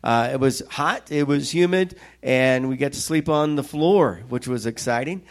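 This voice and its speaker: A middle-aged man preaching a sermon, telling stories with lively quoted voices. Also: medium pitch, normal speed. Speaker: pastor.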